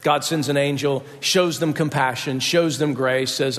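A man preaching a sermon as a pastor, telling the story in a relaxed conversational way and often checking in with listeners by asking "right?". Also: mid-range voice, moderate pace, in a large hall.

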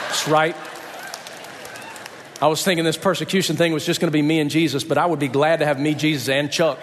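A man's voice: fairly high pitch, fairly even intonation, brisk, pauses often, big-room sound, crowd noise, noisy background. A man preaching a sermon, telling a personal story and acting out the voices of the people in it. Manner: storytelling, acts out quoted voices.

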